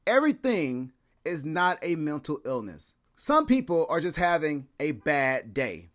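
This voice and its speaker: A man's voice: fairly high pitch, sing-song, unhurried, a bit bright. A man hosting a commentary video, talking in a chatty way with lots of fillers. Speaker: commentary channel host. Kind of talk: casual commentary.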